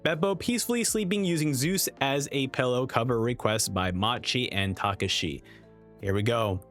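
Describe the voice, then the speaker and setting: Excited man reacting to a manga chapter. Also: medium pitch, soft background music. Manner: excited, reads dialogue in quick voices. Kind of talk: casual manga reading commentary.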